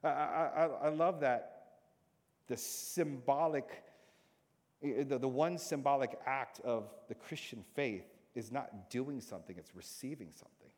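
A male pastor preaches in a chatty, conversational way, rising for emphasis and then dropping to near-hushed lines. His voice sits at a middle pitch, and a long hall reverb trails after each phrase. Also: measured pace. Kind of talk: sermon.

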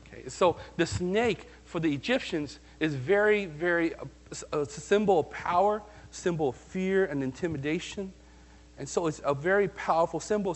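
A man preaching a sermon in a lively, conversational way, often asking his listeners questions. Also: on the high side. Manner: animated, conversational, asks the congregation questions. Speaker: pastor.

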